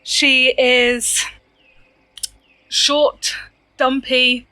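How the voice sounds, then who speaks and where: A woman's voice: sits high, level tone, very slow, pushed and bright, clean tone, no echo, poor audio. A woman joining as a guest player in a tabletop game, giggly and playful. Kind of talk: casual tabletop play.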